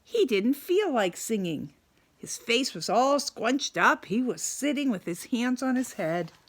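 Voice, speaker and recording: Lively high-voiced lady reading a kids' picture book, slow and expressive. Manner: animated, asks young listeners questions. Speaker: teacher reading aloud to children. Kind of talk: children's picture book read-aloud.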